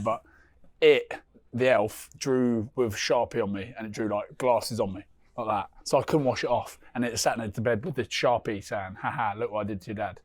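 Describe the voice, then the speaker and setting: A man chatting on a podcast, animated and laughing as he acts out stories about his family. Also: medium pitch, slightly rough, no room sound, clean studio sound. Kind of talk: casual chat, storytelling.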